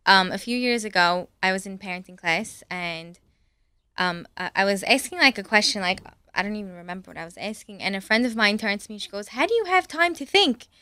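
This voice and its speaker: A woman, a mother, chatting as a guest on a talk show in a relaxed, rambling way with many fillers. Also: mid-range voice, brisk, clean tone, no room sound. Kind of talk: casual studio chat.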